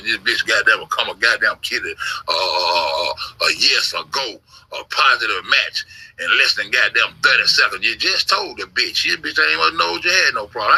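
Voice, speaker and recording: A man's voice: mid-range voice, creaky, bright, forceful tone, breathy edge, poor audio. A man telling a rambling, profane story in a casual livestream, repeating himself and swearing heavily. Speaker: livestreamer recounting an online investigation.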